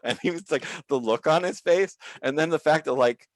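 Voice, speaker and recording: A male comedian telling work stories over a video call, animated and swearing freely, acting out quoted people in raised voices. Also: mid-range voice, normal speed, hardly any pauses, no echo. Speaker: comedian guest.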